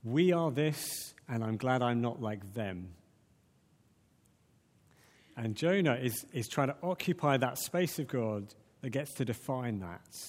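A man preaching a sermon in a conversational, animated way, with many restarts. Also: medium pitch. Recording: long reverb of a large hall.

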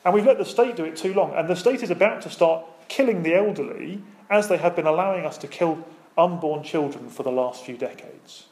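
Emphatic preacher with a higher male voice. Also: a little fast, darkish tone. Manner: emphatic preaching, rising and falling intensity; asks the congregation rhetorical questions. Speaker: pastor. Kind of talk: sermon.

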